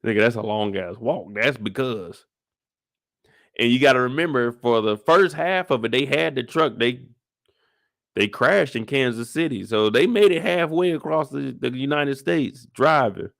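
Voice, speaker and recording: A man giving a casual recap of a TV episode in animated, heavily slangy talk, swearing freely. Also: medium pitch, normal speed, creaky. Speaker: show recap youtuber.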